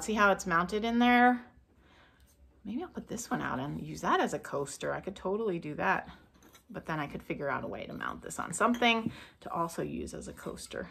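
A woman's voice: on the low side, vocal fry, a bit bright, breathy edge. A woman, a thrift vlogger, chatting casually through a haul video and gushing over each item she unwraps.

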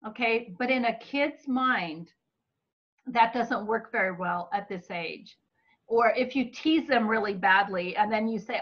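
A woman giving a Bible-based teaching talk about children's minds, earnest and expressive. Her voice is slightly hoarse from talking a lot. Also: on the high side, slow pace. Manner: earnest and expressive, acting out what parents say to children. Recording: dull lo-fi recording.

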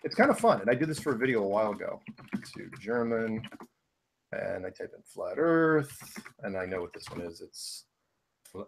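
Man, casual live-stream co-host, gravelly low voice, dry sound, rambling. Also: big pitch swings, moderate pace, a little hiss or hum. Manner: rambling, searching on screen while talking.

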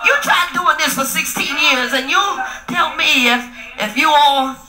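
A middle-aged woman pastor preaching in a call-and-response style, often shouting to the congregation. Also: high-pitched, unhurried. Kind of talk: sermon. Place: church hall. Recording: echoey room with music.

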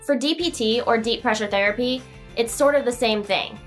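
A young woman vlogger telling a story in a chatty, animated way, now and then talking to her dog. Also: fairly high pitch, moderate pace, soft background music. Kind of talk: casual storytelling vlog.

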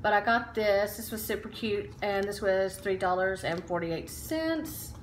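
A woman's voice: medium pitch, measured pace, reverberant, a little hiss or hum. A woman chatting casually in a home haul vlog, upbeat, with lots of ums and likes. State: out of breath while standing. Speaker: vlogger. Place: room at home.

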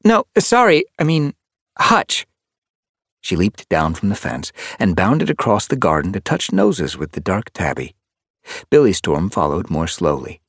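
A man narrating an animal adventure audiobook in an expressive, storytelling manner. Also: low voice, moderate pace, slightly rough, no room sound, clean studio sound. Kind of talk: scripted narration. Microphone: close studio mic.

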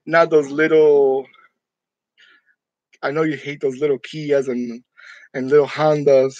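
A man's voice: fairly high pitch, no echo, low-quality recording. A man from New York chatting casually with his viewers, joking and laughing often in a room decorated for Halloween. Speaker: channel host. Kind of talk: casual live chat with viewers.

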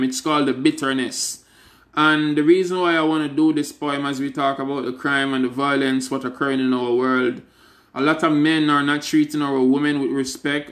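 A man's voice: mid-range voice, fairly bright tone. A man, hosting a live stream and performing spoken word poetry with a rhythmic, emphatic delivery.

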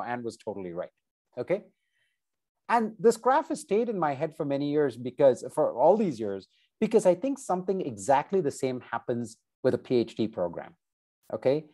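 A man, a professor, giving informal advice about graduate school over a video call, chatty and conversational, often checking in with "right?" and "okay?". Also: on the high side. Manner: animated, conversational, many asides like "right?" and "okay?".

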